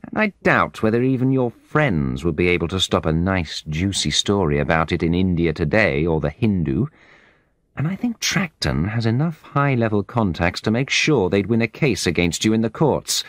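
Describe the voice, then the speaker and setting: A man's voice: low-pitched, very animated, normal speed, dry recording, clean studio sound. A man voicing a defiant former manager in an audiobook, speaking confidently with a raised, pressing voice. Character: defiant foreign ex-manager, confronting his enemies.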